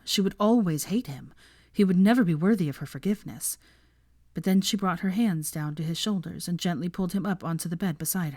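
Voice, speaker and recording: Low-voiced woman narrating fan fiction. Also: darkish tone, no room sound, studio quality. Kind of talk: reading fan fiction aloud.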